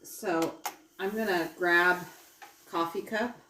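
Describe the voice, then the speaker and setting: A woman playing a tabletop game, quietly reporting her rolls and actions. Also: fairly low pitch, fairly even intonation, slow pace. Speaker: player. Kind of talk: casual tabletop play. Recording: distant roomy mic with noise.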